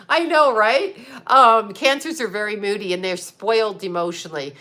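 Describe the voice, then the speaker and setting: A woman in her fifties, a psychic and astrologer, hosts a casual livestream where she reads viewer comments. Her voice sits on the high side with a sharp tone, moving at normal speed with few pauses. She's blunt and profane and laughs often.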